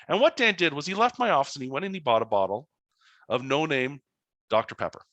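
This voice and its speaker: A man's voice: on the high side, quick pace, dry recording, dull audio. A man, a financial educator telling anecdotes in an online webinar presentation. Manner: animated anecdotal storytelling.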